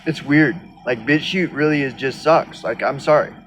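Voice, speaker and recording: A man's voice: mid-range voice, normal speed, a bit bright, faint music behind. A man ranting casually on his video blog, rambling and sardonic with lots of swearing. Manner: rambling, profane, sardonic, many fillers. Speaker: video blogger. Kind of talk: casual rant.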